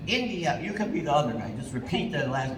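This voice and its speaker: High, lively man joking on a panel. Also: brisk, slight background noise. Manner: animated, jokey, swears casually. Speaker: voice actor panel guest. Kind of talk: convention Q&A panel, comic storytelling. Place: convention panel room. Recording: echoey hall, voice from far off.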